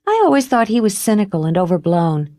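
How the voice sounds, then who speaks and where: A woman voicing a spoiled, glamorous young woman in an audiobook, speaking in a high, pouting voice. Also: expressive, fast talker, warm tone, no room sound, studio quality, lightly acted. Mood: teasing.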